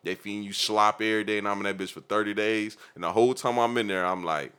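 A very deep male voice with a forceful, bright edge, speaking. He hosts a casual podcast and tells long, profane stories full of fillers. His delivery is loose and unhurried. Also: fairly even intonation, smooth. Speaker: podcast host.

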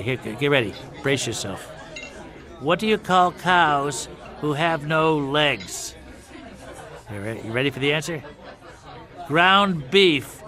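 A man's voice: a little high, pushed and bright. A man voicing a rude, grumpy male trash-can monster who tells a joke and then brushes the listener off. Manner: grumbling, dismissive.

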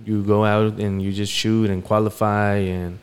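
A man co-hosting a podcast, telling a story in a relaxed, rambling way with many fillers. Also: on the low side, measured pace, clear, resonant tone. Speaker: podcast co-host. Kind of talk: casual storytelling chat.

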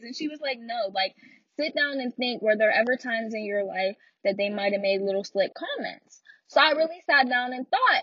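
A young woman with a slightly high voice delivers a candid monologue about her own life, recorded lo-fi with no room sound. She's blunt, frank, and animated, laughing often and tossing in asides as she shares her personal story.

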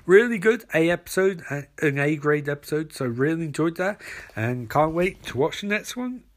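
A man's voice: on the high side, animated, moderate pace. A man reviewing a TV episode in a casual vlog. He rambles, repeats himself and fills his talk with "like" and "um". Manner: rambling, filler-heavy, repetitive.

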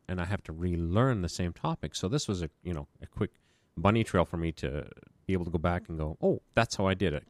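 A man with a low, darkish-toned voice, recorded without echo, chats casually on a podcast about running his small business. He wanders through his stories and pokes fun at himself.

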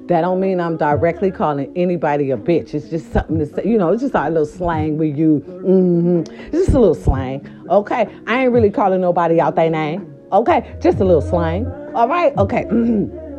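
A middle-aged woman telling a story casually to her viewers, animated and profane, repeating her filler words. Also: on the low side, brisk, highs cut off, soft background music. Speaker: vlogger.

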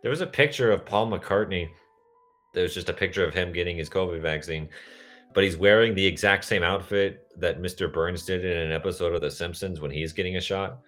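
A man's voice: low voice, fairly quick, a bit bright, soft background music. A man co-hosting a podcast in casual chat, rambling from tangent to tangent. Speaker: podcast co-host.

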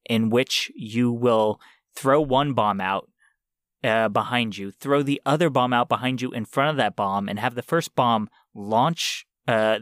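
A man on a podcast rambling excitedly in casual chat, full of fillers and side turns. His voice sits at an ordinary pitch. The sound is dry and close. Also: no echo. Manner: rambling, enthusiastic, lots of fillers. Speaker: podcast host.

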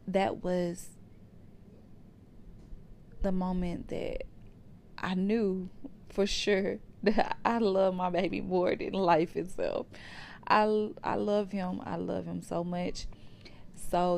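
Gravelly low-voiced woman sharing her story. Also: a little mellow. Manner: conversational, addresses listeners as y'all. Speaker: podcast host. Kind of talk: personal storytelling to listeners. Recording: faint background hiss.

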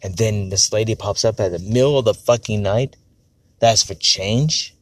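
A man's voice: lowish voice, moderate pace, no echo. Profane rambling man venting. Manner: rambling, frank, profane, self-correcting. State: on edge. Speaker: podcast host. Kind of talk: casual personal monologue.

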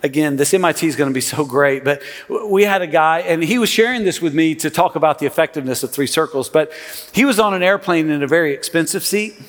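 A middle-aged male pastor preaching in a big church, his voice a touch higher than most men's. He talks to the congregation casually, with dry sarcastic asides and stumbling restarts. His words ring out with a long hall reverb. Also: fast talker. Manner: conversational and animated, with sarcastic asides and frequent restarts. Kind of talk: sermon. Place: large church sanctuary.

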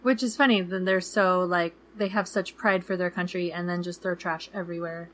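A woman's voice: fairly low pitch, steady tone, normal speed, a bit bright. A woman in her thirties co-hosting a travel podcast in casual chat, talking loosely with many fillers and acting out people she quotes. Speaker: podcast co-host.

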